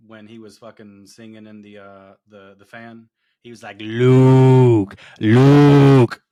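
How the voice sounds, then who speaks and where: A man co-hosting a casual chat, relaxed and hesitant, swearing offhandedly. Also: lowish voice, normal speed. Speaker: co-host.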